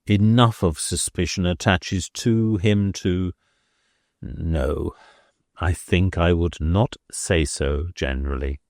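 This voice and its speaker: Brief: man reading a smooth, noncommittal church dean, deliberate, in a dry close sound. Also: low voice, darkish tone, no room sound. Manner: smooth, cautious, equivocating. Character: smooth, evasive older male church dean.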